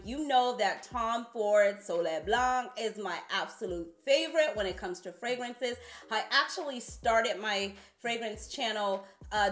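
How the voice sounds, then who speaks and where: A woman's voice: medium pitch, fairly bright tone. Chatty female vlogger reviewing perfumes, talks right to viewers, roomy echo. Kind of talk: casual product review vlog.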